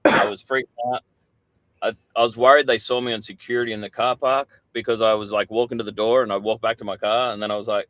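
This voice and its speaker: A man's voice: fairly low pitch, level tone, fast talker, fairly bright tone, no echo. A middle-aged Australian man, a podcast guest, telling candid stories in casual chat and swearing freely.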